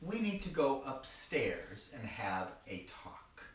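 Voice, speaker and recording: A man voicing a stern, calm mother who is scolding her son, speaking slowly and firmly. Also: medium pitch, slight background noise, pitched below the performer's own voice. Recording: echoey room, mic far off.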